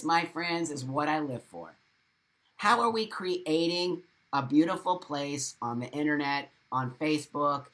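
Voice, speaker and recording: A man's voice: on the high side, fairly bright tone. A middle-aged man talks straight into his webcam on a live stream, answering viewers by name. His delivery is emphatic and repetitive, hammering points home with blunt, sometimes profane encouragement. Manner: blunt, swears. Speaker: livestream host. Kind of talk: live stream talk, reading viewer comments.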